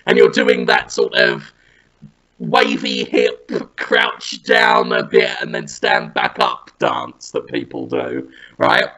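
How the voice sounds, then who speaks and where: A man hosting a comedy podcast, telling an absurd story in an animated, rambling way, his voice run through a Dalek-style robotic filter. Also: sits high, slow pace, gravelly, rough recording. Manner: animated, rambling, breaks into sung bits. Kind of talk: absurd comic storytelling chat.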